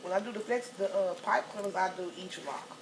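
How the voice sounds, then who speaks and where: A middle-aged woman chatting in a hair salon, telling animated stories, cussing freely and shouting out quotes. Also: medium pitch, brisk, vocal fry. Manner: animated storyteller, cusses freely, loud excited quotes. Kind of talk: casual chat. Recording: noisy background.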